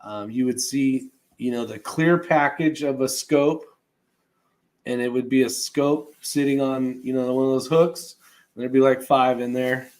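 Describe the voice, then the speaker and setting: A man's voice: medium pitch, steady tone, measured pace, darkish tone. A man who hosts his own livestream, reading viewer comments and answering them in a loose, rambling way. He pads his talk with fillers and small chuckles as he goes. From California. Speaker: host reading live chat. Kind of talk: casual livestream chat.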